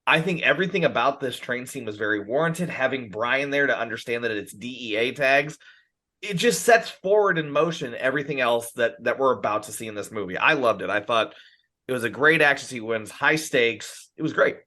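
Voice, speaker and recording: A podcast co-host, a man with a bright, sharp voice that swings up and down as he talks. He chats animatedly, leaning on "you know" as he goes. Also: mid-range voice, fairly quick. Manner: animated, laughs often, frequent "you know". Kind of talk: casual movie discussion.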